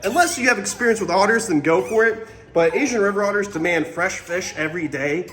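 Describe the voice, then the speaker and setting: A man with a fairly high voice chats casually about the animals he looks after, upbeat and gushing over them. His voice rings in a roomy, echoing space with faint ambient noise behind it. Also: fairly bright tone. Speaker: wildlife keeper and show host. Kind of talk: casual vlog talk to camera. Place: animal enclosures at a wildlife park.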